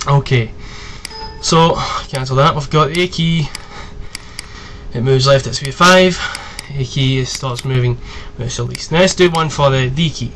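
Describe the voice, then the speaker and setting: A man in his twenties giving a casual, rambling tutorial, chatty and quick to swear. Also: medium pitch, fairly bright tone, slight background noise. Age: 20s. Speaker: video tutorial host. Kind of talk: casual screen-recorded tutorial.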